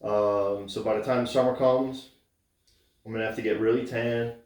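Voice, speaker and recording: A man's voice: on the low side, steady tone, moderate pace, a little mellow. Laid-back man, far off in a very echoey room. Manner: laid-back, loose storytelling with fillers. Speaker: podcast co-host. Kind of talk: crude casual podcast banter.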